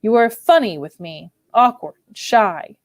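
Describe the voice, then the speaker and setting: A brooding, tormented older husband, as a woman reader puts him on, pours out his words with bitter, low urgency. The voice sits at a middling pitch and the recording is dry and close. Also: animated, unhurried, no echo, lightly acted. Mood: wounded.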